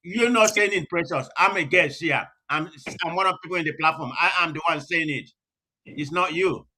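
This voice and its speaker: A man's voice: on the high side, a little fast, bright, forceful tone. A man speaking as a livestream panel guest, angry, emphatic and emotional.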